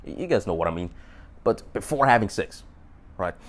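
A man's voice: lowish voice, lively intonation, fairly quick. A young man giving dating advice in a rambling, profane monologue to camera, often checking in with "right?".

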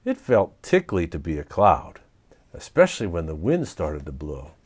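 A man reading a children's storybook aloud in an animated, expressive way. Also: low-pitched, moderate pace. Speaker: storybook reader.

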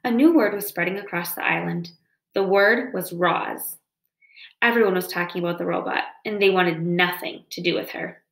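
A woman's voice: lowish voice, normal speed, vocal fry, a bit bright. A woman reading a children's novel aloud in a storytelling manner. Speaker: reader. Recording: roomy echo.

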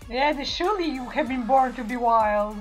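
A woman reacting to a music video in casual commentary, gushing and excitable, often stammering and restarting her sentences, a Polish speaker talking in English. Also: a little high, moderate pace, low-quality recording.

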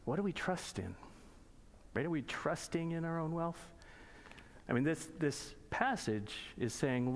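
A man preaching a sermon in a church, reading scripture slowly and then explaining it in plain conversational asides and pointed questions. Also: medium pitch. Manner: asks the congregation pointed rhetorical questions. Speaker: pastor.

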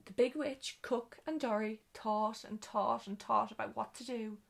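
A woman reads a children's storybook aloud, her voice gravelly and somewhat high. She reads at an ordinary pace and now and then stumbles and corrects herself. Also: steady tone, measured pace. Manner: reading with occasional slips and self-corrections.

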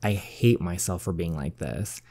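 A man reading a heartsick young woman, dark-voiced. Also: deep voice, unhurried, creaky, husky, pitched below the performer's own voice, heavily acted. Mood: anguished. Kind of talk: reading a story game aloud.

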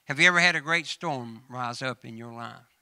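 Gravelly Southern man preaching. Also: medium pitch, moderate pace, pushed and bright, no room sound. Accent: Southern American. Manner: folksy, addresses congregation members by name; humorous storytelling mixed with scripture reading. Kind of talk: sermon.

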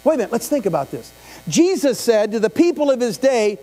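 A middle-aged pastor delivers a conversational sermon in a church sanctuary, frequently asking the congregation questions and throwing in asides. His voice is extremely high and sing-song, brisk and mellow. The live church stream carries long reverb and mains hum.

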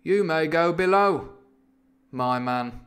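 A man's voice: on the high side, slow, a bit bright, faint music behind, voice pushed up. A man voicing a stern, condescending sea captain who gives clipped orders in a storybook reading. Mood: curt.

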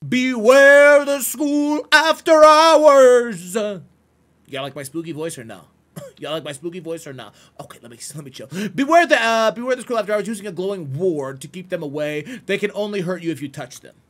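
High, lively man streaming a horror game. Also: fast. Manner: excitable, profane, swings from mutters to shouts; slangy banter with chat. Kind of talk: live horror gameplay commentary.

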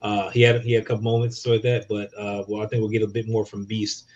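A man's voice: on the low side, monotone, fast, a little mellow, highs cut off. A man co-hosting a casual review chat, talking loosely and rambling through his points. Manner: loose and rambling, full of fillers. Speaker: podcast co-host.

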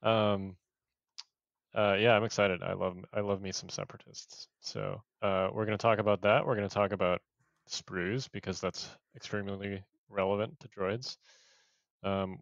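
Gravelly low-voiced podcast host. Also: male voice, no room sound, highs cut off. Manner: upbeat, filler-heavy. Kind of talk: casual podcast chat.

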